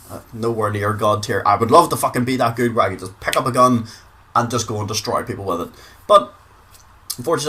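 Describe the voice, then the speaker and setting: Bright-voiced Northern Irish gamer man. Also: mid-range voice. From Northern Ireland. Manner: chatty, swears freely, repeats words for emphasis. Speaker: gaming video creator. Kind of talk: casual gaming commentary.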